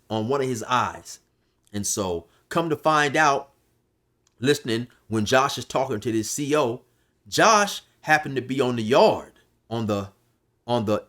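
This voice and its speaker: A man casually telling a long prison story, rambling with restarts and fillers. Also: medium pitch. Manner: loose, rambling, restarts, shouts when quoting others. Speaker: storyteller recounting prison life.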